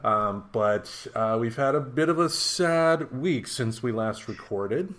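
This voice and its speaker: A man's voice: medium pitch, lively intonation, slow, a bit bright. A man hosting a casual podcast, talking loosely with plenty of fillers and the odd curse word. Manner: loose, swearing, lots of fillers. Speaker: podcast host. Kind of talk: casual chat.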